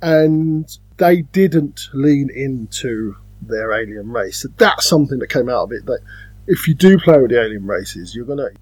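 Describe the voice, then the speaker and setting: Animated British man chatting about games. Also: medium pitch, measured pace, slightly rough, dry recording. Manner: chatty, animated storytelling with playful put-on voices. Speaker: podcast co-host. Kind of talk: casual chat about board games.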